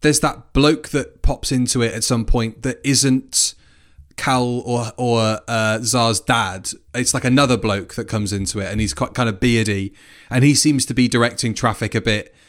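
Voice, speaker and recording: A man co-hosting a podcast, talking in a relaxed, conversational way. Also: mid-range voice, normal speed. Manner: relaxed, conversational, reads out quotes. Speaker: podcast co-host. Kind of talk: casual chat review.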